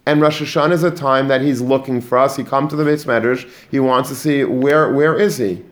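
A man giving a Torah lesson to students, animated, often repeating words and mixing in Hebrew and Yiddish terms. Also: mid-range voice, a little fast. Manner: animated, repeats words while building a point. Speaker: Torah teacher. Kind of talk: religious lecture to students.

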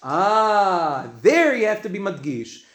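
A man teaching a class of students, lecturing emphatically on word pronunciation, drawing out words slowly and quizzing the room. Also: sits high, very animated, fairly bright tone, reverberant. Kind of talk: classroom lecture on Hebrew grammar.

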